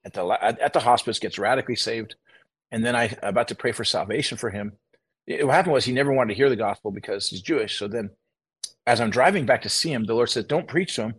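Fast-talking husky male minister. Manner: acts out quoted dialogue, voice jumping high. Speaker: guest minister. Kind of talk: animated testimony storytelling.

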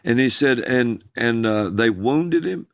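A man, a minister, telling a personal story in conversation, slow and drawn out. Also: expressive, no echo, studio quality. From USA. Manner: slow, drawn-out storytelling with calls acted out in a high voice.

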